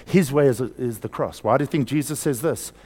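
A man preaches a sermon in a husky, mid-range voice, alternating between loud emphasis and quiet, slowed lines, questioning the congregation and having them repeat words after him.

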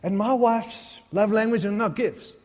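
A man's voice: sits high, unhurried, big-room sound. A middle-aged male pastor preaching a sermon, mixing humorous, self-deprecating stories with fervent appeals to the congregation.

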